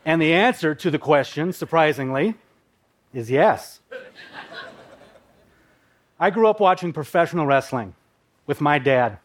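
A man in his thirties from the upper Midwest, telling a personal story on stage in a vivid, dramatic way with pauses. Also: a little high, lively intonation, a little hiss or hum. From Minnesota, USA. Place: live talk on a stage.

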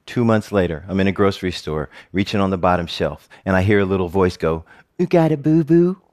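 A man's voice: sits low, steady tone, fast. A middle-aged man giving an earnest personal storytelling talk, with joking asides.

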